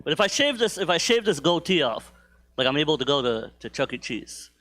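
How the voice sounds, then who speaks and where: A man's voice: very animated, brisk, a bit bright. Rambling young man doing stand-up. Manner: rambling, filler-heavy, self-deprecating, with bursts of high-pitched put-on voices. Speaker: stand-up comedian. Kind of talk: stand-up comedy set. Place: comedy club stage.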